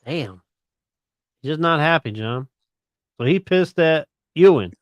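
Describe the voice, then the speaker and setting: A man's voice: a little high, lively intonation, measured pace, no echo, dull audio. A man co-hosting a sports radio show, blunt and opinionated as he rants about games. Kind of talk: casual sports chat.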